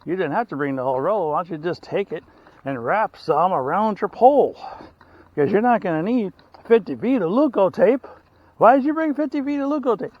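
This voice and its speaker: A man voicing a chatty older woman hiker who gushes and scolds in rapid, excited questions. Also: mid-range voice, no echo, muffled recording, pitched above the performer's own voice, close to an everyday voice. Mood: gushing, scolding.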